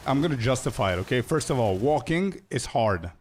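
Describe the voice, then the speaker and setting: A man's voice: medium pitch, very animated, a little fast, hardly any pauses, a little hiss or hum. A man streaming a game, chatting casually with viewers in a laid-back, slangy way and laughing often.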